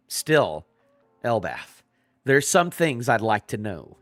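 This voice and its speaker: A man reacting live to a manga chapter, rambling and restarting his sentences as he gets excited. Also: mid-range voice, slow pace, creaky, no room sound, soft background music.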